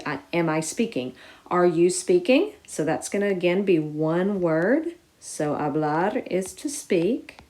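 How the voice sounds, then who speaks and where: A woman teaching a recorded lesson, explaining each step clearly and putting stress on key words. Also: mid-range voice, a little mellow. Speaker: Spanish teacher.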